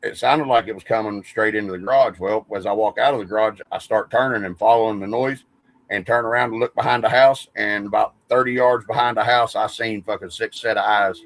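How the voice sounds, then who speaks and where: A man's voice: on the low side, fairly even intonation, brisk, a bit bright, dry recording, poor audio. A man, rambling through stories in a casual podcast chat and swearing freely. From West Virginia. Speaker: podcast host.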